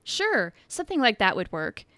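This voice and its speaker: A woman co-hosting a podcast in casual chat, upbeat and quick to laugh. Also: on the high side, very animated, sharp tone, no echo, clean studio sound. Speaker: podcast co-host.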